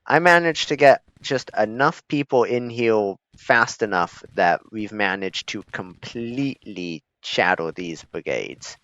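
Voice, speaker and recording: A man's voice: lowish voice, lively intonation, measured pace, few pauses, a bit bright, dry recording. A man giving laid-back, chuckling, self-deprecating commentary as he plays a strategy game. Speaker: gaming streamer. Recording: slightly dull lo-fi recording.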